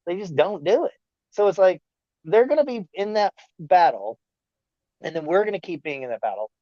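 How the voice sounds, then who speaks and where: A man talking as a podcast guest in a rambling, animated rant, often slipping into mocking quoted voices. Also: sits high, moderate pace, no echo, muffled recording. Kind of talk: casual chat.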